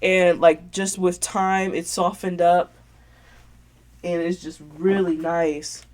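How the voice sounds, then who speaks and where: A woman's voice: lowish voice, level tone, takes it slowly. A woman hosting her podcast in casual show-and-tell chat, gushing and sentimental, with lots of filler words. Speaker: podcast host.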